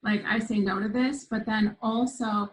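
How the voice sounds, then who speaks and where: A woman's voice: mid-range voice, steady tone, moderate pace, poor audio. Earnest woman telling a childhood story. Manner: earnest, vivid recounting with restarts. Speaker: guest, spiritual teacher. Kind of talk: personal storytelling in an interview.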